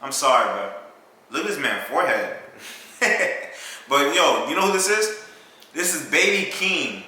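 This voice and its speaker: A man's voice: a little high, big pitch swings, measured pace, pauses often, bright, forceful tone. Young man rambling in a very echoey room. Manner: rambling, profane, joking. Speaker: YouTube reaction host. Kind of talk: casual reaction vlog. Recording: very echoey room with music behind.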